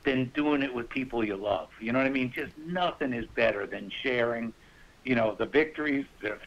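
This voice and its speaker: A man swapping hunting stories in a relaxed podcast conversation, his voice sitting at a middle pitch. He tells them with animation and laughter, dropping into other people's voices as he quotes them. The remote audio is muffled and slightly lo-fi. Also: moderate pace. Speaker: guest hunter. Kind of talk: casual storytelling.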